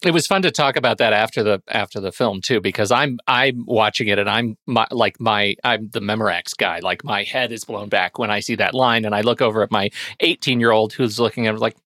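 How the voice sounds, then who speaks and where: A man in his forties hosting a podcast film discussion, talking haltingly with many fillers and restarts. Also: lowish voice, sharp tone, dry recording, studio quality. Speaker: podcast host.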